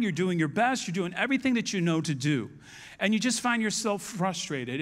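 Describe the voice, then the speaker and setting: A man in his fifties preaching a sermon as pastor, animated and storytelling, acting out dialogue. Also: sits high.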